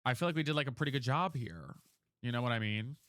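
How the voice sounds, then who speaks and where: A man's voice: medium pitch, quick pace, a bit bright, no echo, studio quality. A man chatting casually on a live game stream, dramatic and chatty, thanking viewers by name. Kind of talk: casual live-stream chat while gaming.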